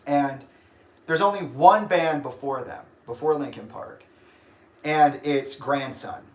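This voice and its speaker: A man ranting casually on a livestream, swearing and emphatic, with sudden bursts of shouting. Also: on the high side, takes it slowly. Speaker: livestream host.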